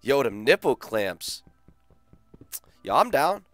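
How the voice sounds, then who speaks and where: A man's voice: mid-range voice, sing-song, slow, a bit bright, soft background music. A man streaming a game, bantering with his chat in a crude, teasing way. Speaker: gaming streamer. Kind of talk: casual live-stream chat.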